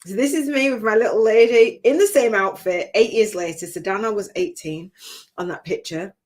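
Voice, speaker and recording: A woman's voice: mid-range voice, moderate pace. An older woman, a spiritual business coach, telling a heartfelt personal story on a livestream, often tearful and laughing. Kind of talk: emotional personal talk on a livestream.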